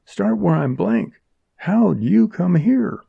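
Guy doing a fierce bossy young woman, higher and pushy, dry muffled audiobook. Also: lively intonation, slow, vocal fry, slightly rough, dry recording, exaggerated voice. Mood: urgent. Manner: sharp, commanding, urgent. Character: frantic, fierce young woman held captive by outlaws. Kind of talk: audiobook character voice. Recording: dull lo-fi recording.

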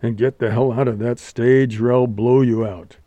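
A man voicing a menacing masked bandit in a deep, heavy voice, giving curt orders. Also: fairly even intonation, normal speed, mellow, no room sound, lo-fi sound, close to an everyday voice. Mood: commanding. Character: gruff masked male bandit, cool and menacing.

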